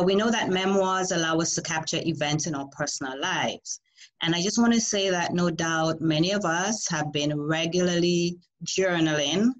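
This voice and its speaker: A woman's voice: fairly low pitch, low-quality recording. A woman, a festival executive, giving a friendly welcome and introducing a workshop on a video call. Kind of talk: webinar introduction.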